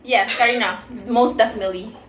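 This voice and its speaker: A young woman in casual chat over a meal, animated and teasing, laughing often. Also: on the high side, fairly quick, dull audio. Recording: echoey room with faint noise.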